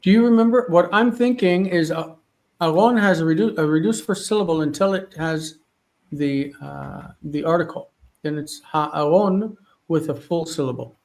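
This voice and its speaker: In a one-light home studio, a Hebrew teacher works through texts during a live online class, stopping partway through sentences to verify references as he thinks out loud. His voice sits on the high side, gravelly and darkish, at a moderate pace. The recording is low quality.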